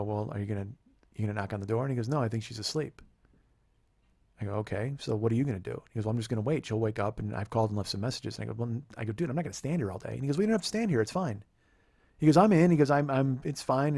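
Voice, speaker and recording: A man's voice: medium pitch, gravelly, warm tone, no echo. Profane man telling a heated story. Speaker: comedian host.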